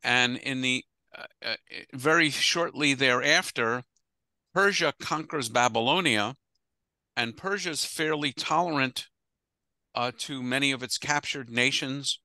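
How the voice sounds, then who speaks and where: A man leads an adult study class as its rabbi, talking over a video call. His voice is very bright and sits close and dry, with no room around it. He speaks casually and digresses often. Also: medium pitch, measured pace, dry recording. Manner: chatty, digressive, laughs easily. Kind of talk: casual adult-education lecture.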